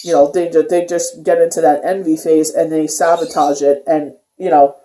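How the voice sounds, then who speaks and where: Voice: medium pitch, little pitch movement, normal speed, mellow. A tarot reader giving a casual daily reading, rambling loosely with lots of filler phrases. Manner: rambling, filler-heavy talk with many "you know"s. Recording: echoey room.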